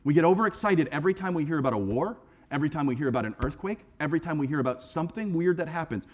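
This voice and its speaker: His delivery is rapid-fire and slightly rough as the pastor preaches in the sanctuary, casual and lively, putting on voices for the quotes he acts out. For a man his pitch runs a little high, and he repeats words when starting phrases.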